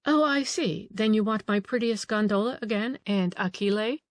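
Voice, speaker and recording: A woman reading the part of a proud, sharp, motherly Italian marchesa who scolds a young man. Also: mid-range voice, normal speed, dry recording, lightly acted. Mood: teasing.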